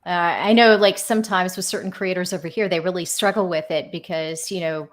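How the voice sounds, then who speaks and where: A woman co-hosting a casual chat, easygoing and quick to laugh as she reads out viewer comments. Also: lowish voice, steady tone. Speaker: co-host.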